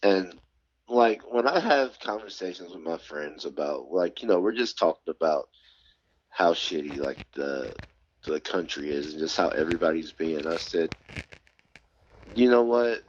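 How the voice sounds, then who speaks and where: A man's voice: extremely low pitch, normal speed. A man talking as a podcast guest in casual, earnest chat, his speech loose and full of "like", heard over dull online call audio.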